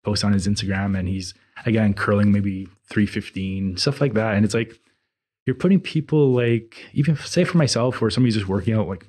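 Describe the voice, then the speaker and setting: Husky low man chatting on a podcast. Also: brisk, darkish tone. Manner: rambling, hesitant, many restarts. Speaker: podcast co-host and trainer. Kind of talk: casual podcast chat.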